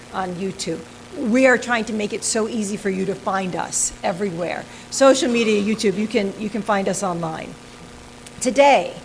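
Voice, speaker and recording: A woman with a mid-range voice, serving as an organization's president, talks through local history using slides. Her delivery is chatty and halting, with frequent ums and restarts, and the rough recording carries a little hiss or hum.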